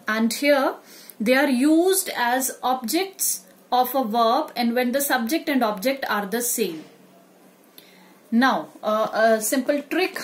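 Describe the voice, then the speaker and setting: A woman teaching a grammar lesson, explaining step by step and repeating examples. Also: high voice.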